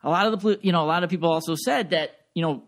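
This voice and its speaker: A man's voice: on the high side, racing. A man co-hosting a podcast, recounting events casually with lots of fillers. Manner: storytelling, filler-heavy, recounting. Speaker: podcast co-host.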